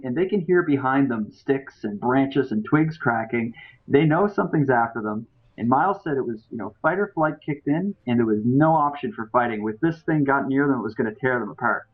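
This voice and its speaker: A man hosting a podcast, telling a story in a loose, chatty way with many fillers and restarts. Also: mid-range voice. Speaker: podcast host. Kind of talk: casual storytelling. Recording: tinny phone-like audio.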